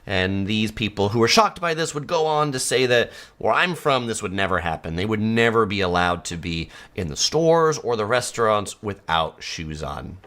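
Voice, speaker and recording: A man's voice: on the low side, animated, moderate pace, hardly any pauses, a bit bright. A man from San Diego hosting a live stream, chatting easily and laughing often as he reads viewer comments. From United States (San Diego).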